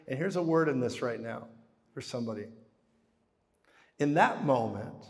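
Animated preacher man in an echoing hall. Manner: animated storytelling, swings from hushed to booming. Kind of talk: live sermon. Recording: reverberant hall.

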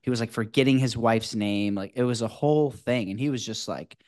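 A man's voice: mid-range voice, brisk. A man, a former health teacher, chatting in a podcast and telling stories loosely with lots of "you know" and "like". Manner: relaxed storytelling, many fillers like "you know" and "like". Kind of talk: casual podcast conversation.

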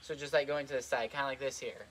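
A man's voice: medium pitch, fairly even intonation, fast talker, a bit bright, a little hiss or hum. A young man giving casual trampoline tips, rambling with lots of fillers and a little out of breath. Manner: rambling, lots of "like" and "kinda", repeats himself. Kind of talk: casual instructional vlog. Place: outdoors on a trampoline.

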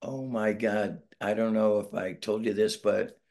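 A man's voice: fairly low pitch, fairly even intonation, measured pace, creaky, darkish tone. A middle-aged man telling a long story over a video call from home. He rambles, restarts and plays out quotes from other people as he goes. His tone is casual and self-deprecating. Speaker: band member, interview guest. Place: home, Northern California.

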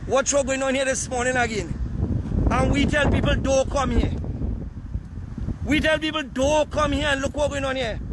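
A Trinidadian man making an impassioned, blunt appeal outdoors while handing out food to a crowd. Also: very high voice. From Trinidad and Tobago. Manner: ranting, pleading, blunt. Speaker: community food distributor. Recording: wind and traffic noise outdoors.

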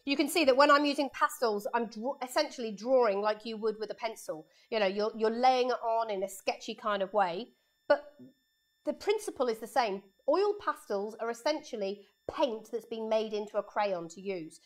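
A woman art teacher, her pitch fairly high, leads a live painting lesson for children in her studio. She chats and walks them through each step of her drawing, speaking into a lapel mic.

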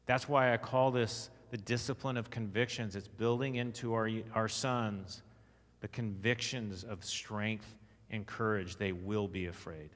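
A man's voice: on the low side, fairly even intonation, unhurried, a bit bright. Texan man preaching in an echoing church hall. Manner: emphatic, asks the audience questions, reads scripture aloud. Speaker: conference speaker. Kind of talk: sermon-style teaching. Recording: long echo of a church hall.

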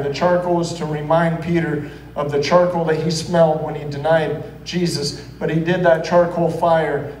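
A man's voice: fairly high pitch, reverberant, far from the mic, low-quality recording. A man preaching a sermon as pastor, telling the story earnestly and acting out the quoted voices. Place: church hall.

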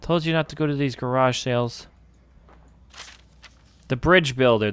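A man's voice: mid-range voice, measured pace, a bit bright, smooth. A man playing a horror game and commenting as he goes, talking to himself, cursing often and easily startled. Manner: jumpy, swears a lot, talks to himself. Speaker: gaming channel host.

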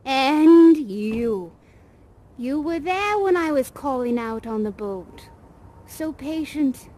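In a virtual reality game, a woman plays the doting, eccentric female leader of a sweepers' union, leading a theatrical, solemn oath and giving everyone pet names. Her high, expressive voice is warm and slow, her mood exuberant, her delivery ceremonial. The audio quality is poor.

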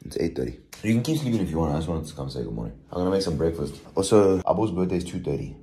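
Deep creaky young guy mumbling casual vlog talk, lively ups and downs, faint hiss. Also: very fast. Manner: mumbly, laid-back drawl with slang. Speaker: vlogger. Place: indoors, apartment. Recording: echoey room, faint noise.

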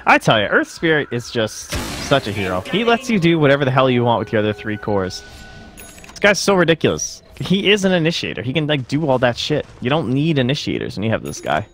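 A man casting a live video game match, casual and analytical, with slang and quick asides. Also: medium pitch, very animated, fairly bright tone. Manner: fast, casual analytical caster talk with slang. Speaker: esports caster.

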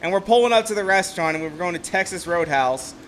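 A young man from Ohio giving casual, rambling commentary while streaming a racing game, getting excitable when telling stories. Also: high-pitched, quick pace, a little hiss or hum. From Ohio, USA. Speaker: gameplay streamer.

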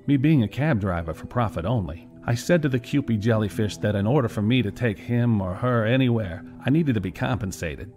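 A man narrating a first-person story in a wry, deadpan way. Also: fairly low pitch, a little fast, few pauses, soft background music.

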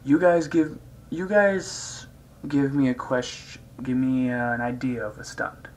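A man's voice: mid-range voice, steady tone, measured pace, darkish tone, rough recording. A man rambling in a casual vlog, hyper and crude, joking around as he jumps between topics. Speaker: vlogger.

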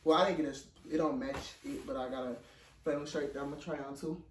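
A young man, filming a casual try-on haul in his dorm room, out of breath, playful and sassy, with excited high squeals. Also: fast, distant mic, a little hiss or hum. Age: young adult. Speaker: vlogger. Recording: roomy, from off the mic.

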